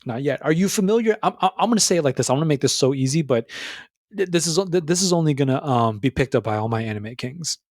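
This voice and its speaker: A young man rambling through a casual monologue, tripping over his words and restarting sentences as he goes. His voice sits a little high, and his talk is loose and animated, full of bro slang. The sound is dry and close, with no room echo. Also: quick pace. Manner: rambling and stammering, with frequent restarts. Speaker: YouTuber.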